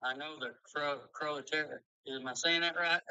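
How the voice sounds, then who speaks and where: A man's voice: fairly high pitch, steady tone, slow pace, sharp tone, smooth, dry recording, lo-fi sound. A man from Arkansas with a Southern accent calling in on his lunch break, friendly and polite. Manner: friendly, polite, says sir and buddy. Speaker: caller, truck driver. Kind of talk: casual call-in chat.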